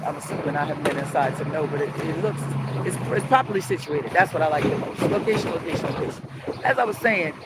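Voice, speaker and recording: A middle-aged woman with a New Orleans accent, ranting profanely and heatedly on a live stream from a city street at dawn, filmed on a phone. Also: on the low side. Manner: heated, profane, animated storytelling with sing-song chanting. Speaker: street vlogger. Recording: loud outdoor city traffic noise.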